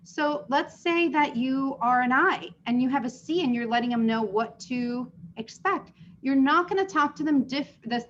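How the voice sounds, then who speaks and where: A woman's voice: high-pitched, normal speed, slight background noise. A woman running a live sales training session, explaining with questions put to the group. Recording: dull lo-fi sound.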